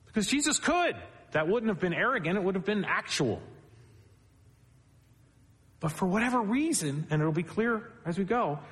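A man delivers an expository sermon with a notably high voice. His voice rises sharply when he hammers home a point and drops low for asides. The sound carries a long reverb, like a large church hall. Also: expressive, normal speed, long pauses, a bit bright. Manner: expository preaching, rising pitch for emphasis. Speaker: pastor.

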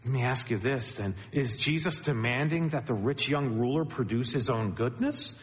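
A man's voice: moderate pace, long reverb tail. A man preaching an expository sermon, addressing the congregation as beloved and lifting his voice to stress key points. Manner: expository preaching, rising pitch for emphasis. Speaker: pastor.

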